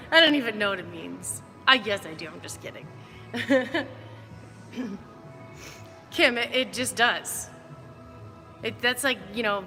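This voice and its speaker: A woman's voice: mid-range voice, bright, forceful tone, big-room sound. A woman fitness coach giving upbeat, chatty movement cues during a live workout.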